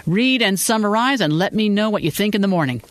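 Narrator playing a bossy joking senior law partner, man, high and lively, dry close sound. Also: fairly quick, no echo, natural voice. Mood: brusque joking. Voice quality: bossy, teasing.

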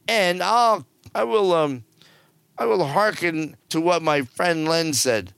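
A man's voice: on the high side, takes it slowly, creaky, fairly bright tone, clean tone, no echo. A middle-aged man giving casual cruise news commentary, with wry, sarcastic asides. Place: on board a cruise ship.

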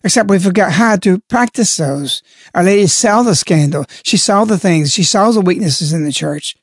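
A man's voice: high-pitched, animated, normal speed, husky, no room sound. Emphatic man preaching in a dry close voice. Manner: emphatic, repeats key words for stress. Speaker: lay religious speaker. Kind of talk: spoken reflection on religious messages.

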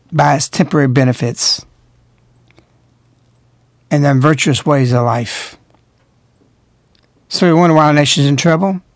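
A man's voice: fairly high pitch, no echo. A man hosting a radio talk show, delivering emphatic, moralizing commentary full of rhetorical questions.

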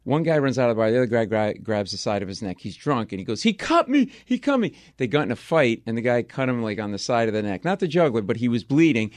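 A man from Rhode Island, a comedian telling stories as a guest in an interview, lively and slipping into voices for the people he quotes. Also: medium pitch, fast, hardly any pauses, no room sound, clean studio sound. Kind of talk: storytelling interview chat.

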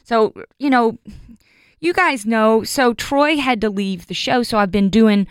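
A woman co-hosting a faith podcast, telling a personal story in an earnest, animated way. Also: fairly high pitch, measured pace, smooth, no echo, clean studio sound. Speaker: podcast co-host, radio morning show host.

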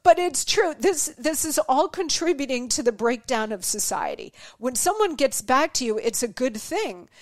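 High-pitched lady podcaster venting, mimics people, dry close sound. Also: very animated, moderate pace, hardly any pauses, no room sound. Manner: exasperated ranting with mocking quoted voices. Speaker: podcast host. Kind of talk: opinion monologue.

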